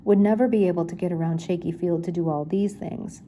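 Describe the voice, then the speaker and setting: A woman's voice: lowish voice, steady tone, brisk, mellow, a little hiss or hum, lightly acted. An older woman reading aloud, voicing a clever, matter-of-fact young woman.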